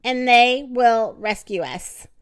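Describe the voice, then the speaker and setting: A woman's voice: a little high, lively intonation, slow, clean tone, no echo, studio quality. A woman voicing a flustered middle-aged husband who talks bossy and emphatic but unsure. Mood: alarmed.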